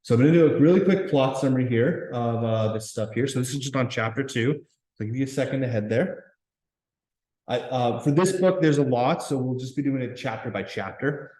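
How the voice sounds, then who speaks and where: A male teacher reads a novel aloud to his class in a voice of middle pitch, stumbling now and then over words. He then explains it plainly and casually, with ums and restarts. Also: fairly quick, echoey room, poor audio. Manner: stumbling, relaxed reading with fillers and restarts.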